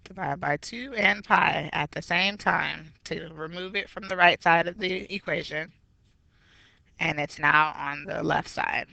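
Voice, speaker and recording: A woman's voice: deep voice, measured pace, gravelly, sharp tone, dry recording. A woman math teacher walking through a geometry review step by step, patient and explanatory. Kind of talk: recorded geometry review lesson.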